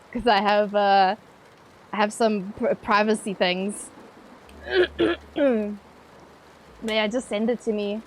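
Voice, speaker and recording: A young woman streaming live, chatting playfully with her viewers, swearing casually and laughing often. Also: a little high.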